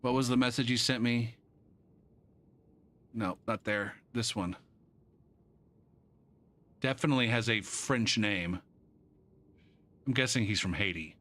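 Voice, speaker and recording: A man's voice: lowish voice, a little slow, long pauses, pushed and bright. A college instructor, a man, ranting casually and profanely with rambling asides. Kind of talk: casual rant to camera.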